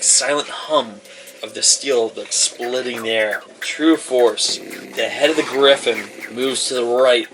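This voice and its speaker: A man narrating as game master of a tabletop game, describing scenes in a rambling way with many fillers. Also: mid-range voice. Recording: distant mic with clear background noise.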